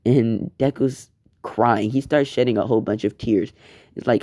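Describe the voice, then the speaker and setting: A man improvising a fan story out loud, rambling, swearing and correcting himself as he goes. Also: medium pitch, fairly even intonation, normal speed, no echo.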